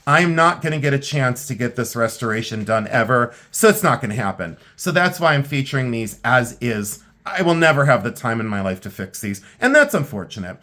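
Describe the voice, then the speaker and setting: A man's voice: medium pitch, big pitch swings, a little fast, few pauses, sharp tone. A middle-aged man, worn out and tired, chatting candidly and rambling a little as he previews vintage jewelry for sale. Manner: candid, rambling, frank and plainspoken. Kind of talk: casual sale preview chat.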